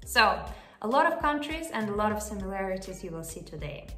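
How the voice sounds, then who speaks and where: A woman hosting a casual video language lesson, chatty and often checking in with the viewer with a quick "yeah?". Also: mid-range voice, very animated. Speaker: language teacher and channel host. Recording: echoey room. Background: soft background music.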